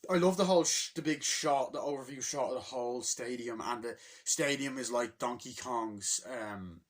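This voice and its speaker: A young man excitedly recapping a movie in a rambling, casual way, swearing often and bursting into acted-out lines from the scenes. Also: medium pitch, moderate pace. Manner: rambling, swears a lot, acts out scenes with shouted voices. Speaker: movie reviewer.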